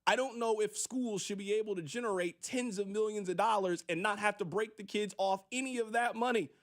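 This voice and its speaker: A man hosting sports radio, delivering an emphatic, preachy opinion monologue and briefly acting out quick voices, on a studio microphone. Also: sits high.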